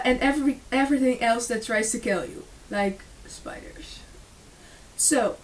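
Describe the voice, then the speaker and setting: A woman reading a school presentation aloud, with frequent fillers and small restarts. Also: fairly high pitch. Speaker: student presenter. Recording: distant mic with faint hiss.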